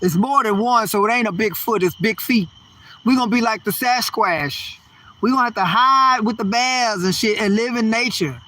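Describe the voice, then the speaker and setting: An older male comedian in a profane, rambling rant. His voice is very high and bright, and he keeps piling up his complaints. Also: normal speed. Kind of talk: stand-up style ranting monologue.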